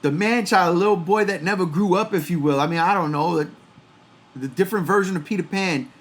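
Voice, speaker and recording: A man in his forties hosting a casual pop-culture podcast, telling stories in a loose, profane, animated way. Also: high-pitched, a little fast. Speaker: podcast host.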